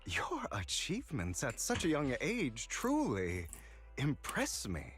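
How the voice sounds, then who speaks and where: A man's voice: mid-range voice, huge pitch swings, takes it slowly, fairly bright tone, soft background music, exaggerated voice. An actor playing a refined, courteous male collector in a video game, speaking in a silky, polite manner. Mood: suave. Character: suave refined male collector, smooth flatterer. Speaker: game character.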